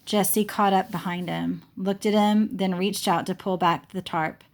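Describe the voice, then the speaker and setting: A woman reading a children's novel chapter aloud in an unhurried way, fixing small slips as she goes. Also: medium pitch, fairly even intonation. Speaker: audiobook reader.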